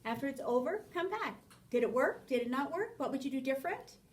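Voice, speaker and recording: High-voiced woman teaching a parenting class. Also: fairly quick, far from the mic, low-quality recording. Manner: animated, acts out little dialogues with children. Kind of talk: spoken class lecture.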